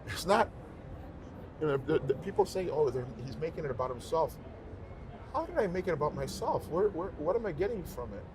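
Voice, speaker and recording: Animated, emphatic male singer. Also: fairly high pitch, a little fast, crowd noise. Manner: repeats himself, heartfelt. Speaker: professional singer, guest. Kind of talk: casual interview chat.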